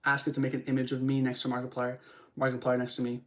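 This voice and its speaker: A young man talks fast in a mid-range voice with a completely flat delivery while live streaming his podcast on a studio microphone. His motivational monologue is casual and rambling, with repeated phrases and chat aimed at viewers.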